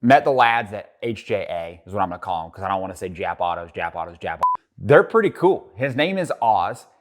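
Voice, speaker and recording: A man's voice: low voice, very animated, fairly quick. A man vlogging casually, joking around, swearing often and rambling. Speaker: car vlogger. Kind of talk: casual vlog talk.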